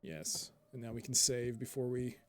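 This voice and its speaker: A man streaming a game live, thinking out loud in a chatty way and reading item descriptions aloud. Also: mid-range voice, lively intonation, moderate pace, music in the background. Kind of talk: casual live game commentary.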